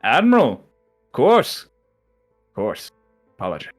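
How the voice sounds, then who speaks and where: A man's voice: mid-range voice, huge pitch swings, slow, soft background music, heavily acted. A man voicing a cheerful, courteous young male envoy who greets people eagerly.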